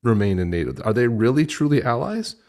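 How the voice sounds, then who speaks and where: A man hosting a podcast in casual chat, talking in an animated, indignant way and often stumbling over his words. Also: medium pitch, brisk. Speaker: podcast host.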